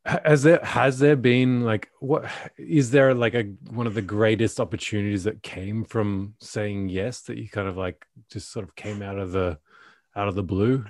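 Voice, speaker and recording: A man with a fairly low voice hosts a casual interview. He mostly answers with short affirmations and asks his questions in a loose, rambling way. The sound is dry and close. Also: steady tone, moderate pace, a little mellow, no room sound.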